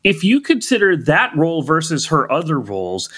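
A man's voice: a little high, huge pitch swings, normal speed, fairly bright tone, breathy edge. A man co-hosting a podcast, arguing his side in a casual debate, hedging often and using lots of "like" fillers. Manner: hedging, argumentative, many "like" fillers. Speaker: podcast co-host.

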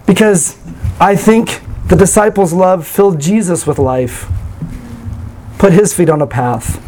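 A man delivering a sermon with a fairly high-pitched voice. He preaches earnestly but conversationally, dropping in light self-deprecating asides. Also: a little slow, darkish tone, a little hiss or hum, low-quality recording. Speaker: pastor.

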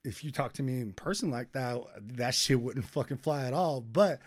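A young man co-hosting a casual podcast chat, animated and swearing freely, laughing often. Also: medium pitch, normal speed. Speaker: podcast co-host.

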